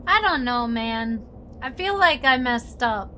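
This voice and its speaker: A woman's voice: a little high, animated, slow pace, pushed and bright, a little hiss or hum. A woman streamer reading a text game aloud, switching between dramatic narration and casual asides. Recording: faint music behind.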